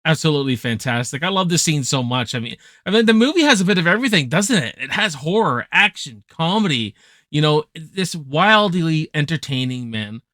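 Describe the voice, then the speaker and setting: A young man giving a casual, excited film review, swearing freely and packed with slang. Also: fairly high pitch, fairly quick, dry recording, studio quality. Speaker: movie reviewer.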